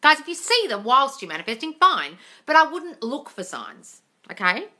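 A woman with a bright, forceful voice pitched a little high, talking to viewers on a phone livestream. She answers questions bluntly and swears freely, and she keeps calling everyone darling in a casual, no-nonsense way. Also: very animated, moderate pace. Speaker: manifesting coach hosting a live Q&A. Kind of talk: casual livestream chat reading viewer comments.

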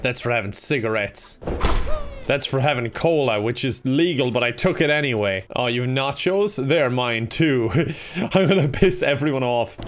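A young man in his twenties with an Irish accent, giving playful let's-play commentary with quick reactions and frequent laughter. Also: medium pitch, expressive, a little hiss or hum. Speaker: gaming video host.

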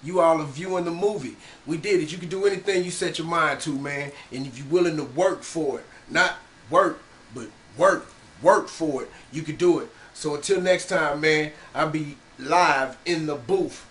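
A man's voice: on the high side, normal speed, hardly any pauses, a bit bright. Earnest slangy man giving a pep talk. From Texas. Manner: slangy, earnest, repeats phrases for emphasis. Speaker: rapper and filmmaker giving an outro. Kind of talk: motivational address to viewers.

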